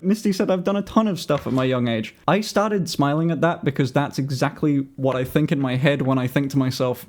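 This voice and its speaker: A man's voice: medium pitch, a little fast, hardly any pauses, a little mellow. A young British man livestreaming, chatting in a candid, self-deprecating way that rambles and restarts. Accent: British English. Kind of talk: casual livestream chat.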